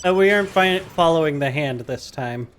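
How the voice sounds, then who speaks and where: A woman's voice: deep voice, lively intonation, normal speed, soft background music. A woman playing a game with a friend, chatting in a playful, giggly way. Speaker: co-player. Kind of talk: casual gaming chat.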